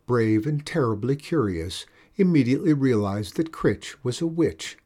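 A man reading a children's story aloud in a steady, measured way. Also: mid-range voice.

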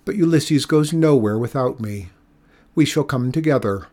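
A man's voice: mid-range voice, animated, moderate pace, a little mellow, natural voice. A man voicing a sly, good-humored old lighthouse keeper who talks in a wry, teasing way. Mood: warm, teasing.

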